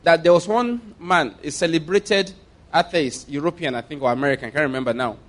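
A man preaching a sermon, reading scripture slowly and stressing key words, often checking that his listeners follow. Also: a little high. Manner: asks listeners to follow along.

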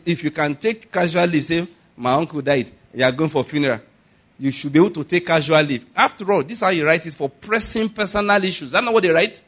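Animated Nigerian preacher, slightly high voice. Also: male voice. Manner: animated, laughs often, rhetorical questions to the congregation. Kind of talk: sermon.

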